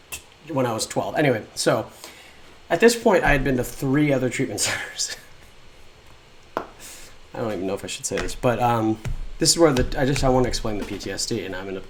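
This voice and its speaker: A man's voice: medium pitch, slight background noise. Young man rambling through a frank life story. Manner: rambling, frank, swears often, acts out quotes. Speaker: vlogger telling his life story. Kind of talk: casual personal storytelling.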